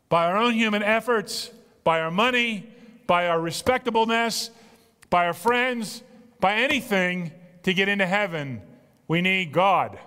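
A male pastor preaching a sermon with drama, dropping to a hush and then building loud. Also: high-pitched, smooth. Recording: long reverb of a large hall.

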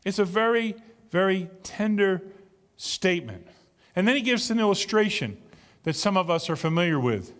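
A male pastor preaching a sermon with drama, dropping to a hush and then building loud. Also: high-pitched, lively intonation, moderate pace. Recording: long reverb of a large hall.

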